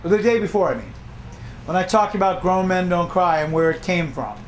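A middle-aged man teaching a songwriting workshop, animated, acting out his own reactions as he talks. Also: sits high, brisk, faint music behind. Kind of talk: workshop talk to a class.

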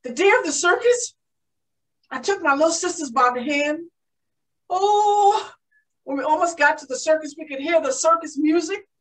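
Brief: woman as a pioneering aviator, one-woman storytelling, high voice, eager and gasping, mic set well back. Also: normal speed, distant mic, low-quality recording. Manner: animated, gasping with excitement. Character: pioneering woman aviator recalling her childhood. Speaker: living-history performer.

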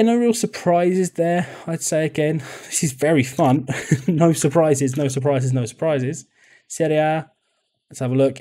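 Young guy chatting over a football manager save, warm low-key tone, jokey. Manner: chatty, jokey, laughs often. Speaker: video game YouTuber. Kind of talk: casual gameplay commentary.

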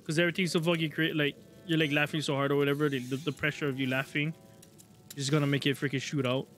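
A man streaming a video game live, excitable, swearing a lot and joking with chat. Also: a little high, quick pace, a little hiss or hum. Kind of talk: live gameplay commentary.

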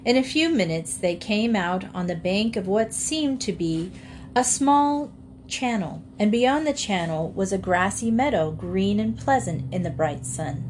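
A woman reading a children's storybook aloud in a clear, expressive way. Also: medium pitch, unhurried, slight background noise. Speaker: audiobook reader.

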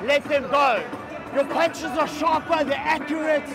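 A boxing trainer shouting short commands and encouragement to his fighter from the corner, his voice going hoarse. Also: extremely high pitch, a little slow. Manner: urgent, barked short commands, repeated yells of encouragement. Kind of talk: ringside corner coaching. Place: loud boxing arena ringside. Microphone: clip-on mic on the trainer. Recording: loud crowd and music at ringside.

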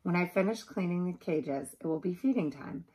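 A woman's voice: lowish voice, animated, moderate pace, darkish tone, slightly rough, low-quality recording. A woman reading aloud, voicing an earnest young boy caring for pets in a picture book.

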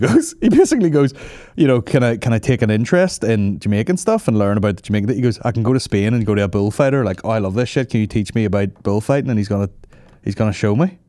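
A man hosting a comedy podcast, bantering with animated, profane asides. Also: fairly low pitch, dry recording. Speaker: podcast host.

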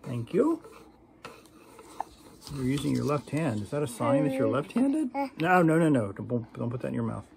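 A man's voice: medium pitch, wildly swooping pitch, normal speed, gravelly, pauses often, noisy background. A grandfather in a casual home video, playfully coaxing and warning small grandchildren. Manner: playful, coaxing, warns the kids.

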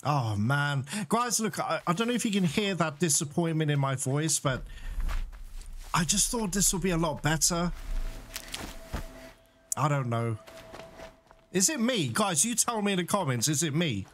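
A man's voice: on the high side, animated, moderate pace, long pauses, fairly bright tone, a little hiss or hum. A man giving chatty let's-play commentary, laughing often and bursting out in exasperation at the game. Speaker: gaming YouTuber. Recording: game music playing behind the voice.

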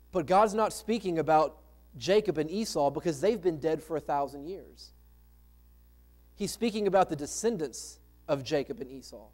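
Male pastor, slightly high pitch, relaxed conversational sermon delivery with rhetorical questions. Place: church sanctuary.

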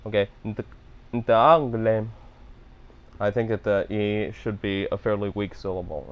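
Low-voiced man thinking aloud while practicing. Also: fairly even intonation, measured pace, lo-fi sound. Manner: self-deprecating, thinking aloud, repeating phrases. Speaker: language learner and video host. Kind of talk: self-narrated practice session.

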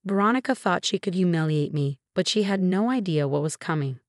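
Even, steady woman narrator for a first-person story; low-pitched, dry. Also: brisk, no echo.

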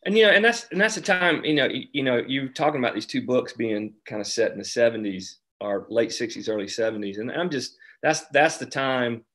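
A man's voice: mid-range voice, a little fast, few pauses, a bit bright, husky. Rambling South Carolina man in conversation. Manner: rambling, lots of restarts and "you know". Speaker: author discussing his novel. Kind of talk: casual conversation.

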